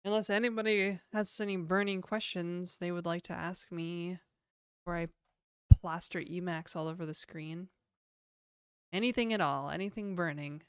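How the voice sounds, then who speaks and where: A young Canadian woman with a lowish, smooth voice, chatting easily on a livestream. She reads out viewer questions and answers them in a relaxed, offhand way. The sound is close and dry, with no room around it. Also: no room sound. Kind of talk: casual livestream chat.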